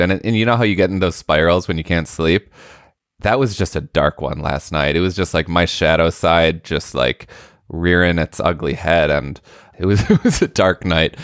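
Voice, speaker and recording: A man's voice: low-pitched, normal speed, a bit bright, no echo, clean studio sound. A man co-hosting a casual chat, talking candidly and rambling a little, repeating himself. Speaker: podcast co-host.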